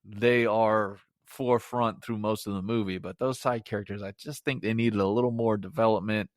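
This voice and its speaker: A man's voice: on the low side, steady tone, moderate pace, no room sound, studio quality. A middle-aged man giving a casual solo movie review on a podcast, rambling and sarcastic, laughing at his own jokes.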